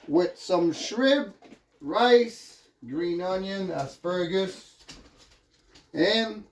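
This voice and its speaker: A man's voice: sits high, darkish tone. A man with a French accent, chatting casually and rambling with jokey asides while cooking in his home kitchen. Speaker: vlogger cooking on camera. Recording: echoey kitchen with faint noise.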